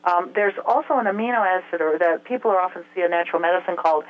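A woman's voice: on the low side, very fast. A woman speaking as a health expert guest in an interview, explaining things step by step with frequent filler sounds. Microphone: telephone. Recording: tinny phone line.

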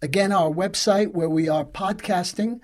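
A radio host with a notably high-pitched male voice reads a scripted announcement. His delivery is measured and even, as if from a prepared text.

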